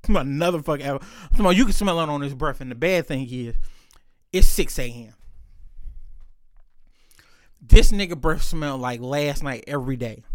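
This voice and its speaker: A man's voice: fairly high pitch, fairly bright tone, no room sound, clean studio sound. A man telling a rambling, profane story in a casual monologue, laughing as he goes.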